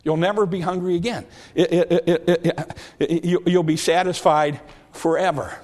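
A man preaching a sermon in a conversational way, with frequent restarts, slowing right down to stress the scripture lines. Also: fairly high pitch, steady tone, darkish tone.

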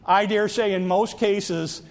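High-voiced preacher with slow emphatic drops. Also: male voice, fairly even intonation. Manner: drawn-out emphatic phrases, dropping to near whispers; repeats phrases and stumbles on restarts. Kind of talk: sermon.

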